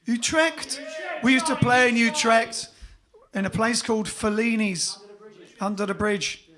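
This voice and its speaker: High-voiced joking man, slow talk. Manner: jokey banter. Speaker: band singer and co-host. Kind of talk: casual live-stream chat and singing. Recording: loud band music behind.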